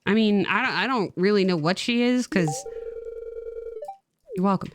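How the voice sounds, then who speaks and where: A woman streamer giving casual game commentary in an animated, sarcastic way, with plenty of swearing. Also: medium pitch, moderate pace, dry recording.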